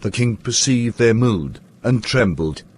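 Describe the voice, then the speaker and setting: A man narrating an animated poem in a measured, storybook style. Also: medium pitch, husky.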